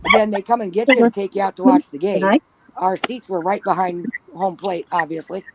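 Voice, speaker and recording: A woman's voice: medium pitch, fairly even intonation, a little fast, a loud crowd, low-quality recording. A woman telling a story in casual talk at home, blunt and swearing freely, often giggling. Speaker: panel guest. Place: at home with pets nearby. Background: dog snoring.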